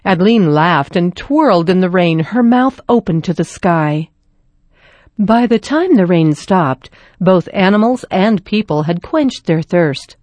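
A woman reading a children's story aloud in a gentle, even storytelling manner. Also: on the low side, measured pace, no echo. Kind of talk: scripted story narration.

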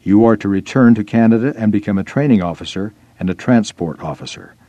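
Stern senior army general, curt and formal, deep dry voice, a reader doing him. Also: male voice, brisk, dark tone, no echo, close to an everyday voice.

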